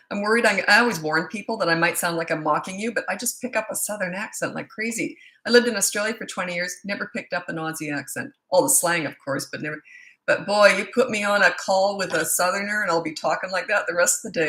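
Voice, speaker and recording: Quick and sharp-toned, her voice sits on the low side. A parenting coach in her sixties, she's livestreaming from home, reading out what viewers write and chatting aimlessly between comments.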